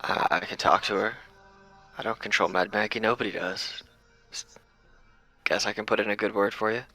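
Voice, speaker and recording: A man playing a tabletop game, blunt and quick to laugh. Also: on the low side, fairly even intonation, bright, forceful tone, faint music behind, poor audio. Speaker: player. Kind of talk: tabletop role-play.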